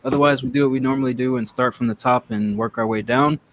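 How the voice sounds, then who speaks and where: A man's voice: mid-range voice, steady tone, fast talker, slight background noise. A man hosting a casual chat show, rambling and joking as he talks. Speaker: podcast host. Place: North Texas.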